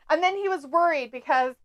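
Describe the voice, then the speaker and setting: A woman's voice: high-pitched, fairly bright tone, no room sound. A woman co-hosting a live stream, chatting casually, laughing often and reading viewer comments aloud. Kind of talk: casual watch-along chat.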